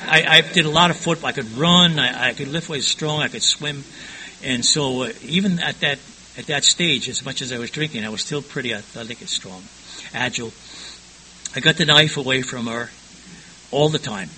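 Older man telling his story, bright-voiced. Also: medium pitch, moderate pace, a little hiss or hum, low-quality recording. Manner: frank, rambling, stumbles and repeats words. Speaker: storyteller recounting his past. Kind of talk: personal testimony storytelling.

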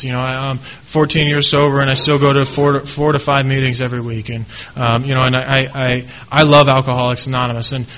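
A middle-aged man tells his own story in an earnest, halting way, often stopping and starting again. His voice is bright and forceful, and his pitch sits in the middle for a man. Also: poor audio. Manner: earnest and halting, with many restarts. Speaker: speaker sharing his recovery story. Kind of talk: personal testimony speech.

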